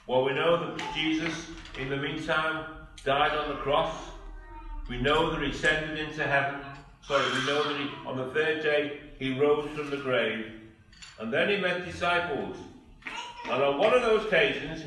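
Male preacher, earnest and questioning, slow delivery, bright tone, echoey church hall with the mic far off. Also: a little high. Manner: earnest, asks the congregation many questions. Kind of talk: sermon.

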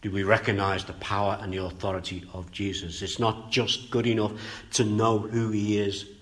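A man delivers a sermon, alternating between loud, forceful outbursts and soft, low asides while drawing out important phrases.

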